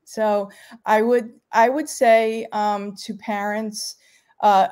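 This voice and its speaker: Give me a middle-aged woman telling a heartfelt family story, halting and emotional, at an average pitch. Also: darkish tone. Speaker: parent guest. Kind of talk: personal storytelling in a live interview.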